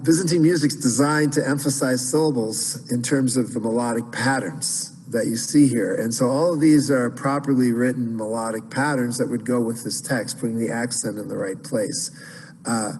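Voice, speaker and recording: A man's voice: mid-range voice, darkish tone, breathy edge, big-room sound, poor audio. A man teaching Byzantine chant in an online class, explaining casually with many fillers and restarts.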